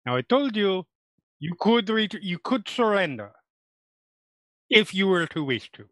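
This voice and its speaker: A man's voice: high-pitched, very animated, a little slow, a bit bright, no room sound, pitched above the performer's own voice, heavily acted. A man putting on a stern drow woman's accent. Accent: put-on drow accent. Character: stern female drow warrior offering surrender.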